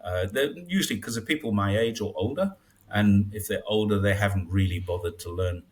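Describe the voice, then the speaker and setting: A man in his sixties, originally from Britain, talks through everyday life in a relaxed interview. His voice sits fairly low. He breaks into brighter, higher snippets when quoting others. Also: fairly quick. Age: 60s. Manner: chatty storyteller, acts out dialogue in raised voices. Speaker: guest. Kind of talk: casual interview chat.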